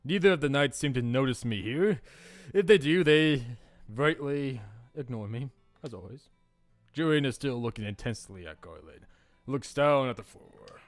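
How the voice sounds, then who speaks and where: A man's voice: mid-range voice, animated, normal speed, soft background music. A man hosting a let's play, reading a visual novel aloud with playful, jokey asides.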